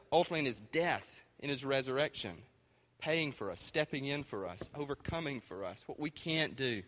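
A man's voice: medium pitch, expressive, normal speed, a bit bright. A man preaching a sermon in a folksy, conversational way. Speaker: pastor. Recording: hall reverb.

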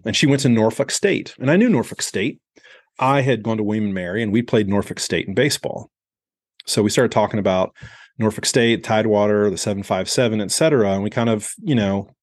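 A man in his forties, a podcast host, telling a candid, reflective story in an unhurried conversational way that slows on heavy moments. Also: lowish voice, darkish tone, no room sound, clean studio sound.

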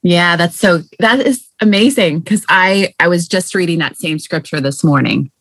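A woman co-hosting a casual faith podcast, responding in an affirming, lively way. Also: on the low side, moderate pace, no room sound. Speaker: podcast co-host.

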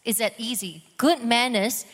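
A woman pastor delivering a calm, explanatory sermon and reading scripture aloud. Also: fairly high pitch, measured pace. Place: church hall. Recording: echoey church hall.

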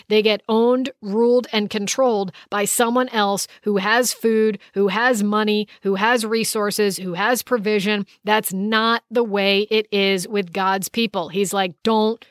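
A woman's voice: mid-range voice, steady tone, a little slow, few pauses, no echo, clean studio sound. A woman teaching a Bible study lesson, reading verses aloud and explaining them in an emphatic, conversational way.

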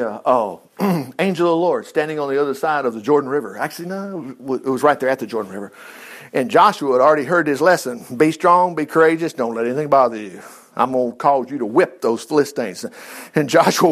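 Guy preaching a sermon, kinda high voice, acts out the quotes, gets loud then quiet. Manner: animated, jumps between hushed asides and loud exclaims.

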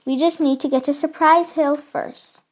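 A woman reading the lines of a cheerful young girl explorer from a storybook, bright and eager. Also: high-pitched, fairly even intonation, moderate pace, lightly acted. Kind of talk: storybook read-aloud.

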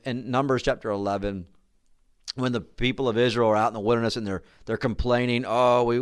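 A man's voice: mid-range voice, no room sound, studio quality. A man giving a devotional talk on a psalm as a pastor, speaking earnestly, often repeating and restarting his words. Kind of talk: devotional sermon.

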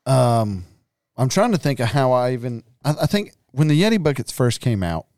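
A man with a drawl talks hunting gear in an easygoing, rambling way. His voice is smooth and clean, recorded close and dry with no room sound. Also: medium pitch, very animated, normal speed, a little mellow, dry recording. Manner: laid-back, rambling, laughs often. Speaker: podcast co-host. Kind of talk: casual chat.

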